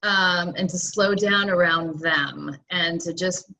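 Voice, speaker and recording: A woman's voice: lowish voice, slow pace, sharp tone, a little hiss or hum, rough recording. A mother being coached on a call, talking hesitantly with fillers and restarts. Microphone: video or phone call.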